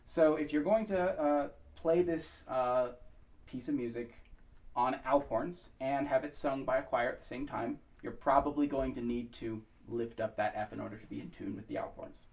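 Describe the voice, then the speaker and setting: A man's voice: medium pitch, moderate pace, vocal fry, a little mellow, distant mic. American man explaining pronunciation, off mic. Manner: thoughtful, many ums and uhs, sings short vocable demonstrations. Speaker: pronunciation instructor. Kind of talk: relaxed spoken tutorial.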